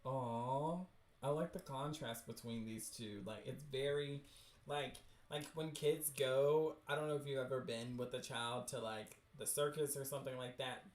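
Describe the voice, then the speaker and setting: A man hosting a livestream where he reads webcomics aloud, reacting in an excitable, chatty way. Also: mid-range voice, normal speed. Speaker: host. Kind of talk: livestream dramatic reading of webcomics. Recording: roomy echo.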